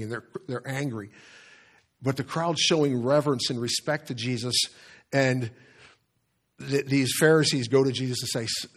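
Earnest man preaching a sermon. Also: medium pitch. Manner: earnest, with pauses and self-corrections while reading scripture. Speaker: pastor.

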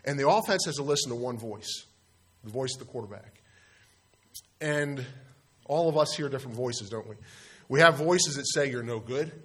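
A man's voice: mid-range voice, expressive, normal speed, long pauses, a bit bright, husky. A man giving an informal devotional talk to a group, speaking conversationally and posing rhetorical questions. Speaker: youth speaker.

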